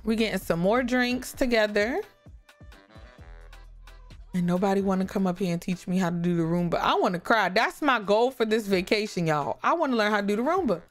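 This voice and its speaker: A woman giving lively, chatty commentary on a life-sim game, talking to her viewers. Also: mid-range voice, brisk, soft background music. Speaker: gaming YouTuber. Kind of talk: casual gameplay commentary.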